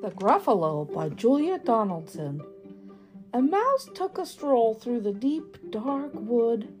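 High voiced lady reading a kids book real slow, lots of ups and downs. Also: over music. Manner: slow, lively and expressive. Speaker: storybook reader. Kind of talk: reading a picture book aloud.

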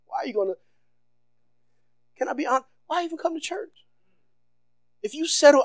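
A male pastor delivers a sermon in a high, bright-pitched voice, moving from loud, energetic bursts to hushed, low passages. His talk is casual and full of slang and repeated phrases. The sound is dry and close, with little room in it. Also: a little slow, long pauses, no room sound. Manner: loud, animated preaching that swings between shouts and soft, low passages.

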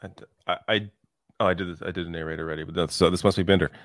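A man's voice: low voice, fairly even intonation, very fast, no echo, clean studio sound. A man co-hosting a casual panel chat, talking hesitantly and stumbling over some words. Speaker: podcast co-host.

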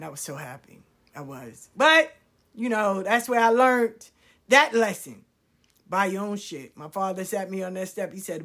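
Her personal tales come out blunt, crude, and lively, alternating quiet side comments with loud eruptions. She speaks at a medium pitch and a moderate pace.

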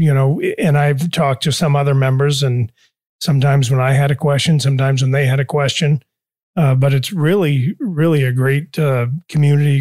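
An older male business owner talks haltingly as a guest, slipping in dry, self-deprecating jokes. The sound is close and dry, with no room echo. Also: mid-range voice, a little mellow. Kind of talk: casual interview chat.

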